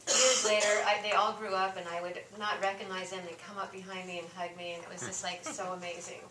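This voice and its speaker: A woman's voice: lowish voice, little pitch movement, a little fast. Earnest woman heard from across a room. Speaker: class member. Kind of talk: casual sharing in class. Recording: distant roomy mic with clear noise.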